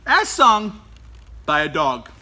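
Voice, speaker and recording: A man leading a kids' worship lesson with an animated, playful delivery. His voice sits fairly high and bounces through a wide range. The tone is bright and forceful. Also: slow. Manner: animated, playful, keeps breaking into laughter. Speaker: children's worship leader. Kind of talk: lively children's lesson.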